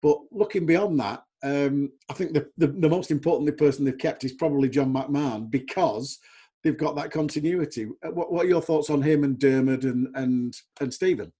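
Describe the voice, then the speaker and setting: A middle-aged man with a mellow, husky voice that sits a little high for a man. He hosts a relaxed football chat and tells his stories in a lively way, acting out the people in them. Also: moderate pace. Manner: chatty, animated storyteller who mimics others. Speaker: podcast host.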